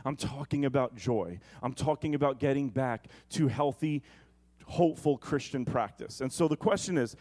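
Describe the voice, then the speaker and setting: A man's voice: medium pitch, normal speed, a little mellow. A male pastor preaching a sermon in a conversational way, with comic asides.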